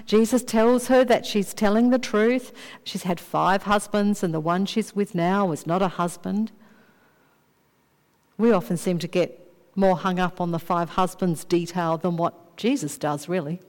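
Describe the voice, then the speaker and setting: A woman preaching a sermon in a measured way, slowing down to dwell on key phrases. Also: lowish voice, steady tone, a little mellow. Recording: long reverb of a large hall.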